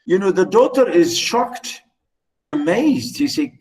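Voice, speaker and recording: Slow, explaining male literature lecturer. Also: sits high, big pitch swings, darkish tone, poor audio. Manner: explanatory, repeats points, many "you know" fillers. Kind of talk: lecture reading and explaining a novel.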